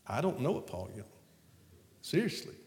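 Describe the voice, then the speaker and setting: A man with a Southern American accent telling a story to an audience in an animated, laughing way. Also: medium pitch, normal speed. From Southern United States. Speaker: speaker on stage. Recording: echoey hall with long reverb.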